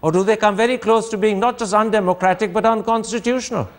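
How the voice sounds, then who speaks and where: A man's voice: high-pitched, fairly even intonation, fast. Insistent man hosting a debate. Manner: insistent, cross-examining. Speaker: host. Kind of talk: pointed TV debate moderation.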